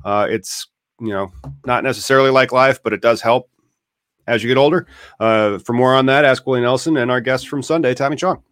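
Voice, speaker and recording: A man's voice: medium pitch, a little fast, a bit bright, no room sound. Rambling, self-deprecating male host. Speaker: podcast host. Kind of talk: casual commentary over clips.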